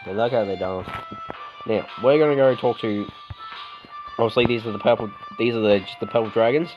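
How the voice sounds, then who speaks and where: Low-voiced Australian man reading game text. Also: a little fast, long pauses, highs cut off. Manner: stumbling restarts, chuckling, voices characters loosely. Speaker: let's play host. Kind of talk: reading game dialogue aloud with commentary. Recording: game music playing underneath. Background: game music.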